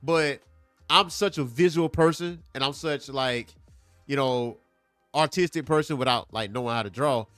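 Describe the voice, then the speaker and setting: A man hosting a casual comic book review, talking in an animated, emphatic way and repeating points for effect. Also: mid-range voice, moderate pace, smooth, no room sound, soft background music. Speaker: comic book show host.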